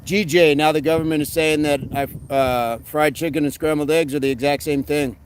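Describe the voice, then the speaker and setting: A man hosting a casual live stream, reading comments aloud and giving quick fitness tips in a relaxed way. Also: a little high, slight background noise, low-quality recording. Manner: relaxed, answers chat questions with quick tips.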